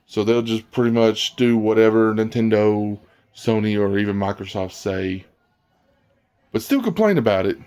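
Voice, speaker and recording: A man's voice: on the low side, normal speed, a little mellow, clear, resonant tone. A man vlogging about games in a blunt, rambling casual rant, often restarting his sentences. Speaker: gaming vlogger.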